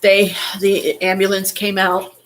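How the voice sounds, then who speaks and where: Woman vlogger, halting and near tears, swearing as she talks. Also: mid-range voice, completely flat delivery. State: holding back tears. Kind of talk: emotional personal story.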